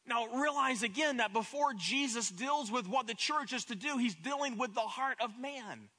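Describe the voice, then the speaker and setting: A man's voice: very high voice, normal speed, bright, forceful tone, husky. A man preaching a sermon as pastor, impassioned, often repeating words as he builds up.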